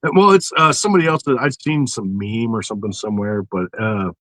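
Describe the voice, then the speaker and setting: Profane, animated man chatting. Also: fairly low pitch, quick pace, rough recording. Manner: profane, animated storytelling with mocking inner voices. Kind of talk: casual podcast chat.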